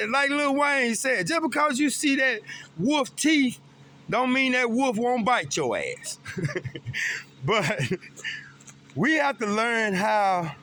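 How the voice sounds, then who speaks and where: A man's voice: high voice, pushed and bright, slight background noise. A middle-aged man, talking earnestly and emphatically about grief, swearing freely. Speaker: vlogger. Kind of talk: personal talk about grief.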